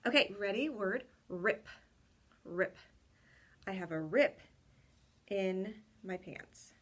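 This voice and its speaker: Encouraging teacher, slow clear words. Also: female voice, medium pitch, fairly bright tone. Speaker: kindergarten teacher. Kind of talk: remote lesson to young children. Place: home room with a window.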